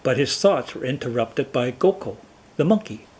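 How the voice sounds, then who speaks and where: A man's voice: medium pitch, breathy edge. Man narrating a children's folktale. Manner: slow, expressive storytelling. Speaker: storyteller.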